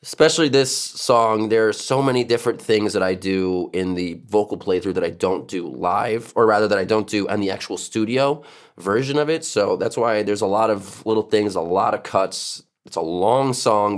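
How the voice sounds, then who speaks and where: A man's voice: lowish voice, a little fast. A man casually explaining his vocal techniques, breaking off to demonstrate growls, gutturals and shrieking screams.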